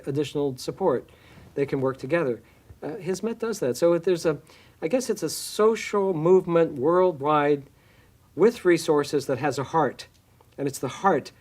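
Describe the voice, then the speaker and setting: A church minister giving a reflective interview answer, speaking haltingly with frequent restarts and fillers. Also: male voice, on the high side.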